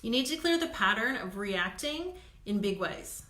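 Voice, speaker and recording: A woman's voice: medium pitch, expressive, moderate pace, sharp tone, roomy sound. A woman doing live card readings for viewers, chatty and laughing often, checking in with "okay?". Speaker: intuitive card reader.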